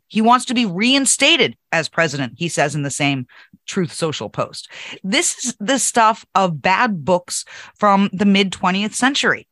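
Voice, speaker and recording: A woman co-hosts a political talk show with a bright, forceful voice. She speaks with emphatic indignation and laughs often. The sound is dry and close. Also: medium pitch, dry recording. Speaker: co-host.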